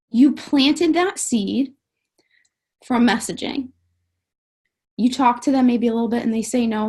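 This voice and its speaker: Woman, fairly high voice, husky and breathy, casual live coaching talk, emphatic and upbeat. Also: a little mellow. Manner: upbeat, emphatic, fills with "like" and "guys". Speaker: network marketing team coach.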